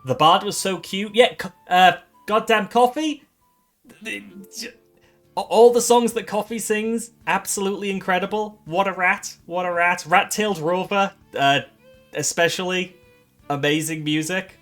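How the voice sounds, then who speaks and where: A man hosting his own game awards on a live stream, excitable and swearing, often stumbling and restarting his sentences. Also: sits high, a little slow, faint music behind.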